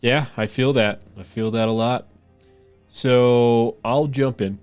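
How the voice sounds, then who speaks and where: A man co-hosting a podcast, talking in a relaxed, rambling way with lots of fillers. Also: medium pitch, slow pace, clear, resonant tone, faint music behind. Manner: laid-back, rambling, many fillers. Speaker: podcast co-host. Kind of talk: casual banter.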